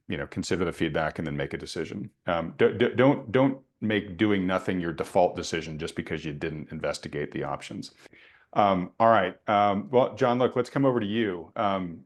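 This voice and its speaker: A male host leading a panel discussion on investing, talking with frequent restarts and filler words. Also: low voice. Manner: halting, many restarts.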